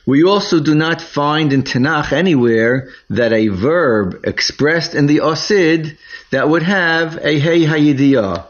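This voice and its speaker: A man teaching the cantillation and pronunciation of Torah verses, using Ashkenazi Hebrew pronunciation and sounding out words syllable by syllable. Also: on the high side. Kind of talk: slow explanatory lesson on Hebrew cantillation. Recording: dull lo-fi recording.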